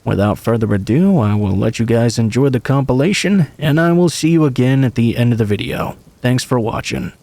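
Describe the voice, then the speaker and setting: A man's voice: mid-range voice, a little fast, hardly any pauses, dark tone. A man hosting a channel, reading true scary stories aloud in a casual, friendly delivery. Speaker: host and story narrator.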